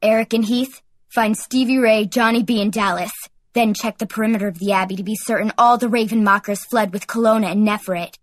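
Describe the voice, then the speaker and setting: A woman's voice: medium pitch, steady tone, a little fast, no room sound, natural voice. A woman voicing Darius, a young male warrior who speaks formally and gives commands in an audiobook. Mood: commanding.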